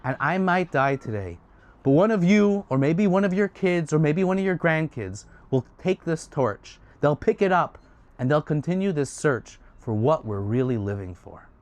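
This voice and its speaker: A man's voice: on the high side, animated, normal speed, a little mellow, dull audio, close to an everyday voice. A man voicing a defiant young man who stands up to a tyrant in an impassioned speech.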